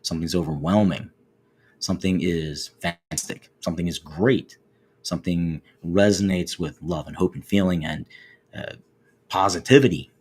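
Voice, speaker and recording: An American man in his forties talks through his thoughts as a show host, loose and conversational, often circling back over words. His voice sits low and deep. It has a husky, slightly rough edge. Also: normal speed, darkish tone. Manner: conversational, repeats words, acts out quoted voices. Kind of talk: reflective monologue.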